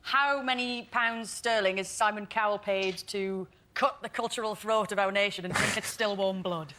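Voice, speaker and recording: A woman's voice: mid-range voice, fairly even intonation, moderate pace, background noise. A woman on a comedy panel, hesitant at first, then wry.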